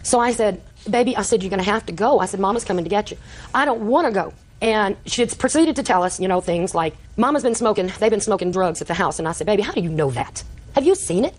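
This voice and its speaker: Rapid-talking grandmother. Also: mid-range voice, lively intonation. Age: older. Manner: rapid, breathless storytelling, acting out quoted exchanges. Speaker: litigant. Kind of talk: courtroom testimony.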